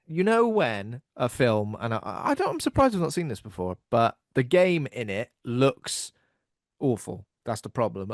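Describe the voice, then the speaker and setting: Lively, joking man co-hosting. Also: mid-range voice, no room sound, clean studio sound. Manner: laughs often, jokey and chatty. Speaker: podcast co-host. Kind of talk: casual chat.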